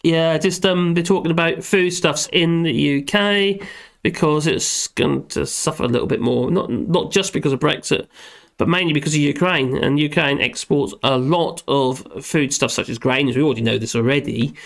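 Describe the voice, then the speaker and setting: A man's voice: fairly high pitch, normal speed, creaky. A man hosting a casual live stream, chatting in a rambling way and reading out viewer comments at his computer. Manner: rambling, chatty, with fillers, talking to his dog between comments.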